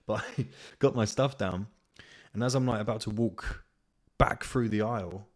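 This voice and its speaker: A man's voice: fairly low pitch, moderate pace. A young man hosting a solo podcast, telling stories in a chatty way and swearing freely. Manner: chatty storytelling with swearing and laughs. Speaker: podcast host. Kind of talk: casual solo podcast chat.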